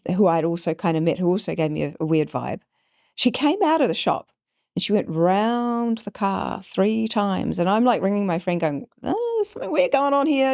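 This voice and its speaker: Animated storytelling woman, dry sound. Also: mid-range voice, no echo. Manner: animated, acts out quoted voices. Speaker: podcast guest. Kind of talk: storytelling in conversation.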